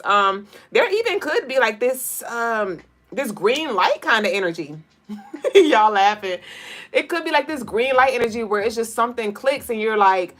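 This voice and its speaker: A woman's voice: a little high, expressive, normal speed, a bit bright. A woman hosting a casual livestream of daily spiritual and tarot readings. She is chatty and profane, laughs often, and reads chat comments aloud.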